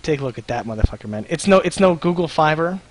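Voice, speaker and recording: A man's voice: on the high side, animated, fast. A man hosting a casual live stream, laid-back and swearing casually. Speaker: host.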